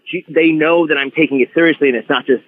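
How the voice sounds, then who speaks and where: A man with a fairly high voice tells stories as a podcast guest, tumbling through restarts as he goes. His voice comes through thin and phone-like, with the low end cut away. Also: quick pace, no room sound. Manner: animated storyteller, many restarts. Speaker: guest wrestler. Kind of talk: casual podcast chat. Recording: phone-like line.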